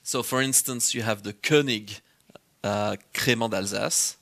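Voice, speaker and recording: Bright-voiced man explaining wines. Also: lowish voice, measured pace, gravelly. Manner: hesitant, many fillers, explanatory. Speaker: wine guest. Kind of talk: casual chat.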